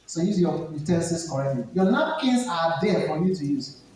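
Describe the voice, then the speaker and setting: Speaking with a Nigerian accent, this etiquette trainer delivers an emphatic seminar to students, hammering key points through repetition. A medium-pitched, slightly mellow voice with lively intonation at normal speed, captured far from the mic in an echoey hall.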